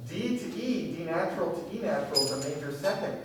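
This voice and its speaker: A man's voice: on the high side, animated, fast talker. A man teaching a music theory class, lecturing and often checking in with his students with questions. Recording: echoey classroom from far off, faint noise.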